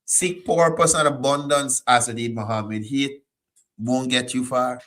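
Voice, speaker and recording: Slow, mocking Guyanese man. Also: medium pitch, steady tone, a bit bright. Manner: mocking, repeats rhetorical questions. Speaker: host. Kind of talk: political commentary.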